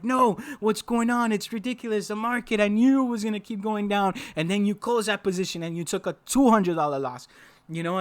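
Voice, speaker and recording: A man's voice: fairly high pitch, no echo. Emphatic man teaching trading. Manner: emphatic, repeats phrases for stress. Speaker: trading instructor. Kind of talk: casual teaching over a chart.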